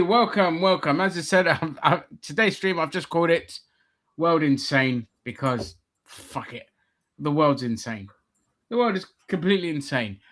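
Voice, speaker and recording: A man's voice: a little high, a bit bright. A man hosting a livestream, ranting in a crude, sarcastic way. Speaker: livestream host.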